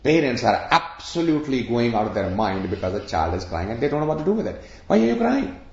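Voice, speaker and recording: This spiritual teacher speaks quickly and expressively in a fairly low voice, illustrating his discourse with everyday examples and questions. Around sixty people listen in a reverberant room, and the recording sounds dull and lo-fi.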